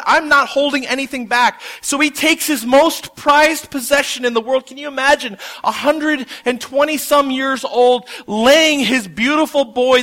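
Guy pastor preaching, high bright voice, acts out the bible story bits. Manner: animated storytelling, acts out quotes with rising intensity. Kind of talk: sermon.

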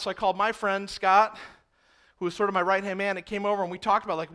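A man, a pastor telling an animated story in a sermon. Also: sits high, quick pace, smooth. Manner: animated storyteller, often speeding up and acting out exchanges.

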